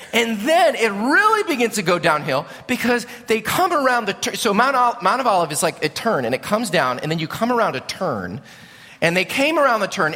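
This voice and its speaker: Animated male preacher in a reverberant church. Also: sits high. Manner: animated storytelling, rising and falling. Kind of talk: sermon. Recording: long reverb of a large hall.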